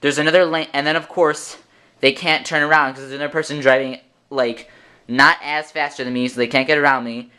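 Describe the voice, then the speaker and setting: A man's voice: mid-range voice, fairly even intonation, normal speed, sharp tone, smooth. A teenage boy ranting in a sarcastic, exasperated vlog monologue at home. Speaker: vlogger.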